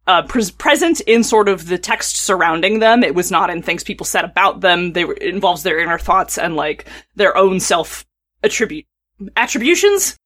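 A woman hosting a podcast, chatting casually, laughing often and reading prose passages aloud. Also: medium pitch. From northern United States. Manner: animated, laughs often, self-deprecating. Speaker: podcast host.

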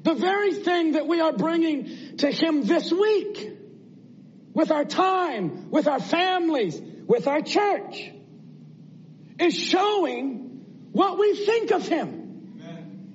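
A man's voice: very high voice, expressive, takes it slowly, muffled recording, slight background noise. A man preaching a sermon in an earnest, conversational way, asking his listeners rhetorical questions.

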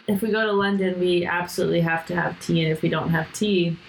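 A woman's voice: lowish voice, fairly even intonation, quick pace, gravelly, a little hiss or hum. A young woman co-hosting a podcast in casual chat, blunt and laughing, swearing offhandedly. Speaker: podcast co-host.

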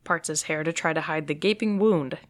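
A woman's voice: sits low, fairly quick. A woman reading stage directions aloud in a plain, matter-of-fact way.

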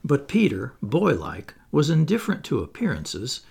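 A man narrating a children's storybook aloud in an expressive, playful way with asides to the listener. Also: mid-range voice, normal speed, vocal fry, husky. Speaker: audiobook reader.

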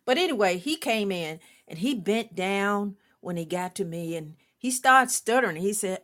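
An older woman, a former coach, telling a lively story on a talk show, laughing often and acting out the people she quotes. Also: medium pitch, moderate pace, few pauses. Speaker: guest, former women's basketball coach.

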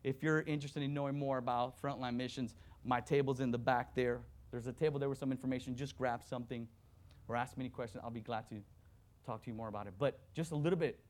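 A man preaching a sermon as a visiting missions worker, swinging between loud exhortation and hushed scripture reading. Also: medium pitch, fairly even intonation, fast.

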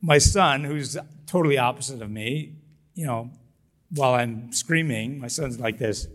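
A middle-aged man, a business founder, telling his story as an interview guest with lively energy, laughing often and acting out what people said. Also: mid-range voice, measured pace. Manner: animated, laughs often, acts out quotes.

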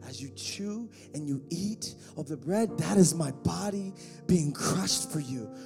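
A man preaching a sermon, joking with the congregation and swelling into shouted, half-sung passages. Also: a little high, animated, measured pace, creaky. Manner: joking asides to the band and congregation. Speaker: pastor. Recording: faint music behind.

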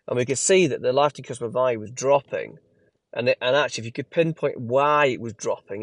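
A man's voice: mid-range voice, dry recording. A man co-hosting a business podcast, explaining ideas casually and restarting phrases as he thinks. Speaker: podcast co-host.

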